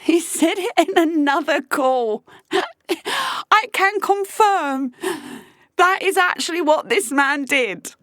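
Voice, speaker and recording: A woman, a podcast host telling a story casually, animated and incredulous, swearing freely. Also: high voice, slow, no echo, studio quality.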